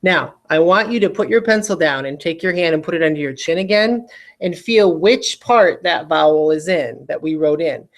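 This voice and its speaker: A woman's voice: deep voice, moderate pace. Patient teacher woman sounding out vowels. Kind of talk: recorded phonics lesson for children.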